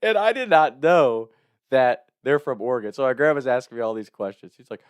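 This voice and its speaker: A young adult man from Kentucky telling a funny personal story, animated and often laughing as he speaks. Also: mid-range voice, a little fast, smooth, no echo, highs cut off. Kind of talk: comic storytelling.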